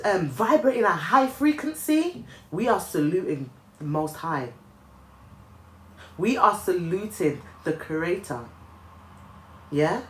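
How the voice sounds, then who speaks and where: A woman's voice: medium pitch, animated, takes it slowly, long pauses. A woman vlogger giving an earnest motivational talk to her viewers, often restarting her sentences with ums. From Nigeria. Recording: echoey room, faint ambient noise.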